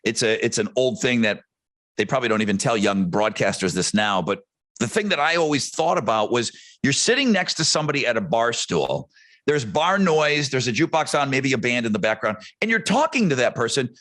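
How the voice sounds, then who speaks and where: A radio host talks casually on a podcast. His pitch swings widely as he acts out the people in his stories, and his voice sits in an ordinary middle range. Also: sing-song, a little fast, fairly bright tone. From United States. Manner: storytelling, acts out quotes with big pitch swings.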